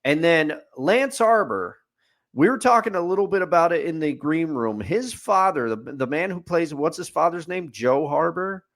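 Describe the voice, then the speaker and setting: Opinionated man with a fairly high voice. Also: lively intonation, normal speed, a bit bright. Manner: opinionated, building lists with a repeated refrain. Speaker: podcast co-host. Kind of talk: casual sports podcast chat.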